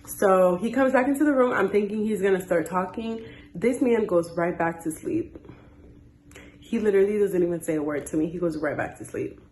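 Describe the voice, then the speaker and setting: A woman in her twenties telling a story on a casual story time chat, animated and jumping high when she quotes people. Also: moderate pace, reverberant, slight background noise, poor audio. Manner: animated, jumps to high voices when quoting.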